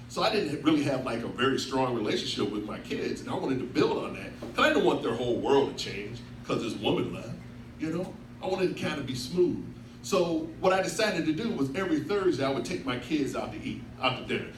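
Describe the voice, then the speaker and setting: A man's voice: medium pitch, expressive, brisk. A man in his thirties telling a laid-back stand-up story on a club stage into a handheld mic. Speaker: stand-up comedian. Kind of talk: stand-up set. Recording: echoey club from far off. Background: room noise and audience.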